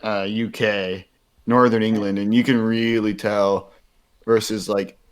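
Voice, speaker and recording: A young man with an Oklahoma accent chats easily as a podcast co-host. His voice sits somewhat low and he stays relaxed. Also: measured pace, clear, resonant tone. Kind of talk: casual chat.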